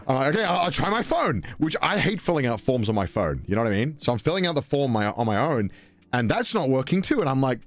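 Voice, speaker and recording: Young British man, lively swinging pitch, swearing, mimicking voices, faint music behind. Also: fairly quick. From Britain. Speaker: podcast storyteller. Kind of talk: animated anecdote telling.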